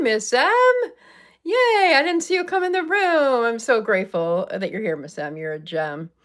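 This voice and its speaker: An older woman from Southern California hosting a live-stream chat from her purple room at home, upbeat and chatty, greeting viewers by name. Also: mid-range voice. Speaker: livestream host.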